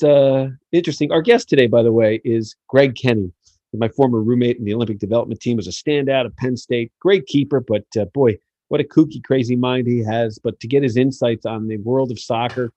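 A middle-aged American man hosts a casual podcast and tells his stories with jokes, lots of fillers and a pitch that jumps around. His voice sits at an ordinary middle pitch. The recording is dry and close, with no room sound. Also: no echo, dull audio. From United States. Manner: animated storyteller, jokey, many fillers. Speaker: podcast host.

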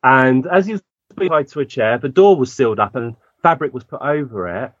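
A man's voice: medium pitch, expressive, fairly quick, a bit bright, dry recording. A man telling a personal story as a guest, acting out the lines of people he quotes. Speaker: guest medium. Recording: dull lo-fi dry recording.

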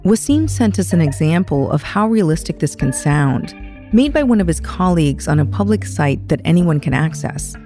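A woman guest-hosting a news podcast, narrating a script in a measured, explanatory way and putting questions to her guest. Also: sits low, animated, warm tone, faint music behind.

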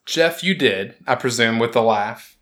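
Male podcast host, mid-pitch, rambling and animated, casual sports chat. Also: unhurried. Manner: rambling, animated, self-interrupting.

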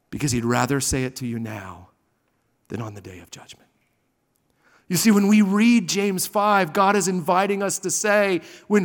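A man preaching a sermon as a pastor, dramatic, swinging from loud exclamations to hushed near-whispers. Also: high-pitched, long reverb tail.

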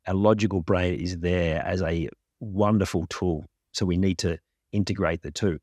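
A man speaking as a podcast guest, his voice very low and steady. He explains his ideas calmly and reflectively at length, in a close, dry recording. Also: moderate pace, no echo. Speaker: podcast guest, grief coach. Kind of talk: interview explanation.

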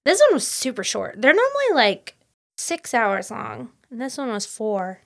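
Higher-voiced woman chatting about books. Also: wildly swooping pitch, moderate pace, vocal fry, fairly bright tone. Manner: chatty, jumps in to finish thoughts. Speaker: podcast co-host. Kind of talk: casual book-club chat.

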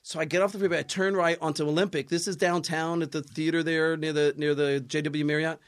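A man on an interview podcast tells an embarrassing story with real energy. He laughs often and slips into other people's voices to act out the scene. His voice sits slightly high for a man. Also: level tone, quick pace. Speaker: guest, film producer.

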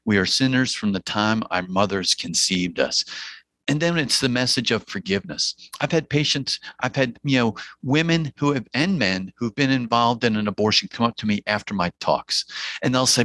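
A man's voice: mid-range voice, moderate pace, a bit bright, no room sound. Emphatic New man, dry close mic. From New Jersey. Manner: earnest, emphatic, repeats phrases for emphasis. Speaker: physician guest. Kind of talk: podcast interview, preaching-like testimony.

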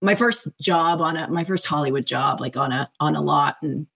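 A woman, a writer and director, guesting on a podcast over a video call, wry, teasing and deadpan. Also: low-pitched, normal speed, vocal fry, breathy edge.

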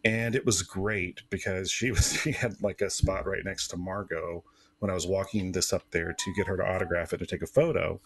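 A man's voice: low voice, steady tone, brisk, slightly rough, dry recording. A man who is a guest co-host on a podcast, telling stories in a casual, rambling way with lots of fillers. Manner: rambling storyteller, many fillers.

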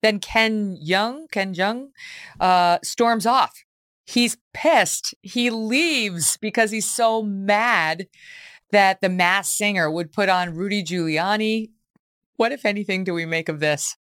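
A woman talk show host from Syracuse, chatting in an amused way with quick asides. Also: medium pitch, a bit bright, no room sound, clean studio sound. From Syracuse, New York. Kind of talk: casual chat.

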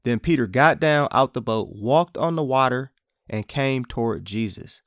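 A man leads an informal Bible teaching for his podcast, speaking in a relaxed, chatty way. His voice sits at a middle pitch. The recording is dry, with no room echo. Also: moderate pace. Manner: casual, conversational, acts out quotes playfully.

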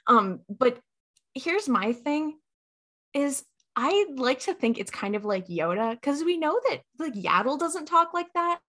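Animated swearing woman in casual chat. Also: high-pitched, unhurried. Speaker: podcast co-host.

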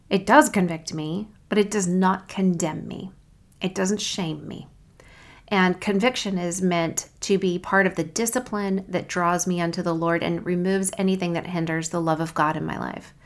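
A woman hosting a faith podcast, speaking in an earnest, reflective and encouraging way, reading scripture slowly and deliberately. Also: on the low side. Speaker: podcast host. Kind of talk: faith podcast devotional talk.

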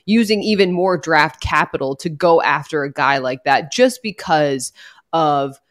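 A woman, a sports reporter, giving a careful, measured take in a casual panel chat. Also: low voice, expressive. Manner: measured, weighs pros and cons.

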